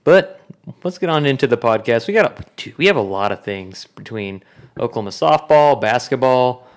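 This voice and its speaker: A man's voice: medium pitch, moderate pace. Man, podcast host, casual sports chat, joking, steers the talk. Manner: jokey, lively, steers the talk.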